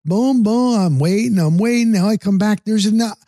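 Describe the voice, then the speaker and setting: Male podcast host, fairly high voice, dry close sound, animated raconteur who acts out the dialogue. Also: normal speed, no room sound. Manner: animated, acts out quoted dialogue with big pitch jumps; casual, swears freely. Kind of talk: storytelling on a podcast.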